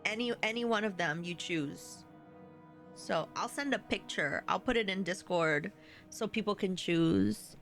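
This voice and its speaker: A woman's voice: medium pitch, measured pace, a bit bright, soft background music. A woman with a New York accent, chatting casually with her live-stream viewers and laughing often as she answers them.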